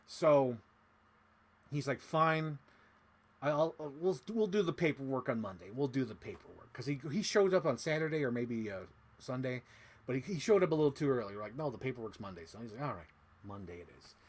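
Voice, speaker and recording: A man's voice: mid-range voice, brisk. A man casually recapping a horror film, acting out quotes and laughing as he goes. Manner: animated retelling with acted-out quotes and laughs. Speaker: host.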